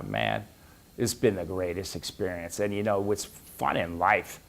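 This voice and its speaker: A middle-aged businessman telling a casual, animated anecdote, acting out the back-and-forth of conversations. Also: sits low, creaky, a little hiss or hum. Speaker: business executive telling a story. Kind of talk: casual storytelling.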